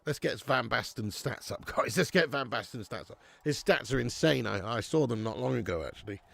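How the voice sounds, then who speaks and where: A gravelly-voiced man talking casually over a live football match, loose and chatty with the odd swear word. His voice is dry and close to the mic. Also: mid-range voice, animated, a little fast, a bit bright, no room sound. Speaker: host. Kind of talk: live football watch-along commentary.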